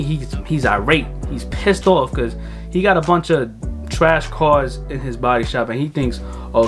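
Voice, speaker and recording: Animated young man telling a story. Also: medium pitch. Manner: animated, swears freely, acts out other people's lines. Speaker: car vlogger. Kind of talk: casual storytelling.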